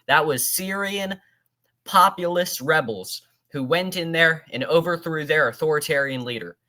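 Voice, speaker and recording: A political commentator rants heatedly, scornfully talking back to a speaker as though they were face to face. The voice is medium-pitched, bright, and forceful, at a moderate pace.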